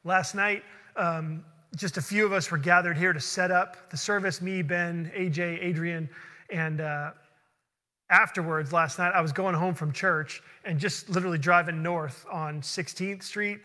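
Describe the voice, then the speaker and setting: A male pastor with a high, bright, ringing voice preaches in a church sanctuary. He tells his story with earnest conviction and speeds into excited rushes when it grows tense. A long reverb tail hangs after each phrase. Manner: earnest storytelling, building to fast excited bursts. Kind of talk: sermon with personal story.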